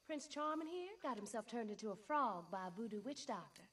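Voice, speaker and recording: An actress playing a level-headed, practical young woman who speaks in a brisk, matter-of-fact way, in an animated film. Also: a little high, breathy edge. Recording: distant voice.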